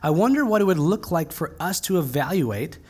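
A male pastor giving a conversational, earnest sermon, slowing down to stress key phrases. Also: fairly high pitch, expressive, a little mellow, breathy edge.

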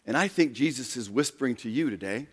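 A pastor preaching a sermon, swinging from quiet, low talk to loud, raised passages. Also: male voice, lively intonation, fast, husky. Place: church sanctuary. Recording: long reverb of a large hall.

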